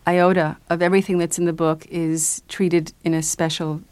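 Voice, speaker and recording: A woman with a slightly low voice speaks as a radio interview guest. She hesitates and restarts often and laughs easily. The sound is dry and close. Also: level tone, normal speed, a little mellow, dry recording. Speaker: guest, children's book author and illustrator.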